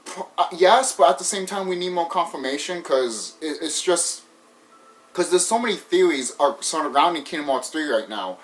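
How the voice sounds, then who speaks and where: Man, fairly high voice, loose rambling wrap-up to a gaming video, lots of ums. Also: expressive, normal speed, poor audio. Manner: rambling, hesitant, many fillers and restarts. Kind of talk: casual video outro talk.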